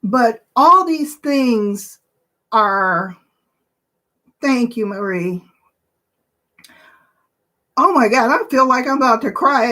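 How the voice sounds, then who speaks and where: A woman in her sixties hosting her own channel, chatting casually and emotionally to viewers with many pauses and fillers. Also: a little high, expressive, sharp tone. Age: 60s. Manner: slow, emotional, tearful at times, with pauses and fillers. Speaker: channel host.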